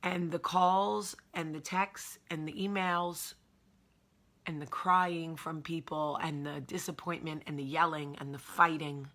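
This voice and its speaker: A woman's voice: low voice, fairly even intonation, a little slow, fairly bright tone. A woman in her thirties with a New Jersey accent, hosting a candid personal vlog in an emotional, confessional way. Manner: emotional, confessional, emphatic repetition. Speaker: show host.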